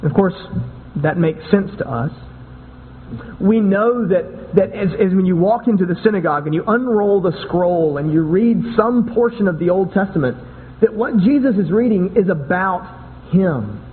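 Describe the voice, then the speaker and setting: A man's voice: sits high, lively intonation, normal speed, slight background noise. A man preaching a sermon in a conversational way, often repeating and restarting words. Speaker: pastor. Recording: tinny phone-like sound with long hall echo.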